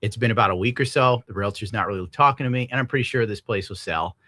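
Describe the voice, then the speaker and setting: A young man rants to his chat in a loose, profane, animated way, laughing often as he reads donations. His voice is bright and forward. The sound is close and dry, with no room around it. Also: on the low side, fast, dry recording. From United States. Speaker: streamer reading donations. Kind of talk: casual rant to chat.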